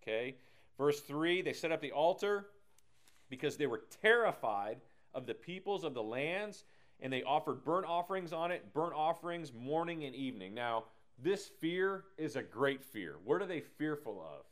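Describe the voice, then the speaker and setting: Male Bible teacher, energetic and digressive, easygoing. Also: on the high side, normal speed.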